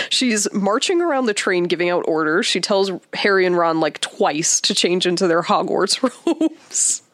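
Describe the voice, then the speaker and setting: A woman hosting a casual book discussion, talking in an animated way and laughing often. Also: on the low side, unhurried, no echo, studio quality. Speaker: podcast host.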